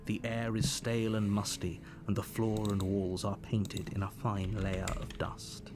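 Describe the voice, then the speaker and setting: An actor voicing the grave male narrator of a dark video game, speaking in a measured, ominous way. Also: lowish voice, monotone, lightly acted. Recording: game audio with music beneath.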